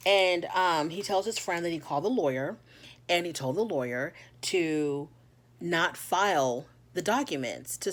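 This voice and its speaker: A woman hosting a casual reality TV recap, chatty and retelling scenes in quick quoted voices with many fillers. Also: fairly low pitch.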